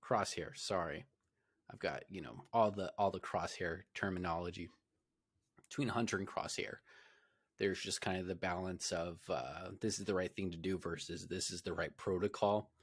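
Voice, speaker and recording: A man's voice: deep voice, steady tone, normal speed, slightly rough, no echo, studio quality. A young man co-hosting a podcast, chatting casually and rambling with many fillers and restarts. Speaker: podcast co-host. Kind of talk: casual chat.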